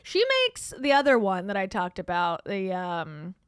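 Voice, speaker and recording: A woman's voice: mid-range voice, expressive, measured pace, clean tone, no echo, clean studio sound. A woman hosting a gossip commentary show, talking in a sarcastic, scoffing way. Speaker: commentary host.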